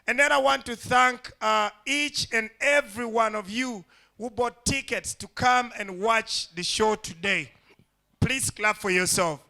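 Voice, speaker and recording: A man doing stand-up comedy with a high, bright voice. He tells his story with animation and slips into character voices for the people in it, speaking into a stage mic. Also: a little slow, vocal fry.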